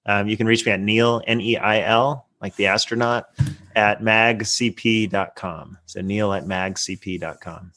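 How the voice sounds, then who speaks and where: A man's voice: lowish voice, steady tone, measured pace, bright, forceful tone. A man from California, a guest on a podcast interview, talking casually in a rambling way full of you know and I mean. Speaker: guest, investor.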